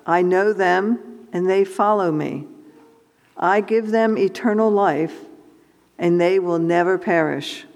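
A man reading scripture aloud in church, slow and measured. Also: sits high, creaky. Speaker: scripture reader. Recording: long church reverb from off mic.

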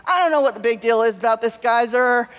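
A woman voices an exasperated tourist who complains without pause about kids, snacks and the hotel. Her fretful grumbling spills out in a run-on stream. A long hall reverb trails each phrase. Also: on the high side, lo-fi sound, lightly acted. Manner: fretful, whiny, rambling complaints.

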